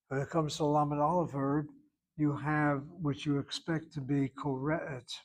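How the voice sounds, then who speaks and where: A man teaching a Hebrew grammar lesson, patiently explaining verb forms and careful pronunciation. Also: on the high side.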